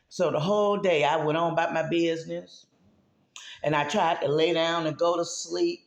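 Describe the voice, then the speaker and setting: A woman's voice: on the low side, normal speed, gravelly, echoey room. A woman giving a motivational talk about mental health, with a preachy, emphatic manner that speaks straight to the listener.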